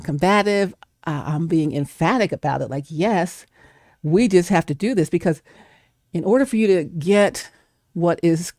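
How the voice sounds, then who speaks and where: A woman's voice: low-pitched, dark tone, no room sound, clean studio sound. A woman giving an emphatic, preacher-like faith talk, acting out doubting voices. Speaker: guest speaker.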